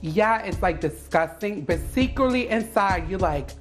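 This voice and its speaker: A woman's voice: mid-range voice, lively intonation, unhurried, faint music behind. A woman talking casually and chattily in an interview.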